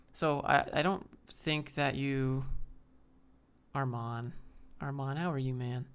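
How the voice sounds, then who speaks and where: Reading viewer chat on a live stream, this man gives casual, laid-back career advice that tends to ramble. His voice sits at a medium pitch, with a fairly bright, clean tone.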